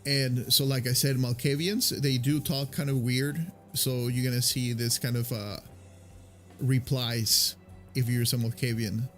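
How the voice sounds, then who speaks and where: A man's voice: medium pitch, steady tone, a little slow, faint music behind. A man casually commentating his video game playthrough, rambling with many fillers and restarts.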